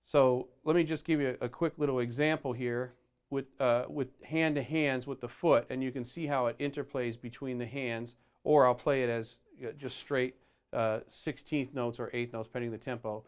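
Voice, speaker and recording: A man's voice: mid-range voice, fairly even intonation, moderate pace, clear, resonant tone. Man explaining drum technique. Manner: counts beats aloud and vocalizes rhythms; patient, step-by-step explaining. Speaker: drum teacher. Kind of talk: instructional drum lesson. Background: faint drums and click track.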